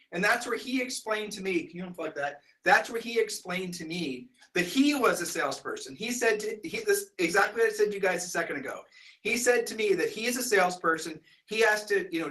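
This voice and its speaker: A man telling a long story to an audience in a rambling, animated way, full of restarts. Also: high-pitched, low-quality recording. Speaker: speaker telling a sales story.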